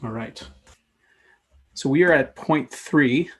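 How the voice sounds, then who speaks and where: A man's voice: mid-range voice, takes it slowly, breathy edge. A man giving live commentary in a drawing tutorial, talking casually and thinking aloud as he sketches. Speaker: sketchnoting instructor.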